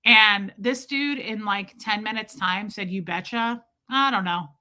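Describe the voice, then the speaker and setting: Bright, animated woman from Nebraska. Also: medium pitch, a little slow. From Omaha, Nebraska, USA. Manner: animated, self-deprecating. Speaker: streamer. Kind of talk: casual storytelling on a live stream.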